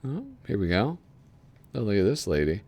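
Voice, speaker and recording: A man with a lowish voice and wide pitch swings speaks at a moderate pace on a muffled recording. He hosts a casual video, reading aloud from a magazine as he flips through it and rambling about it with frequent chuckles.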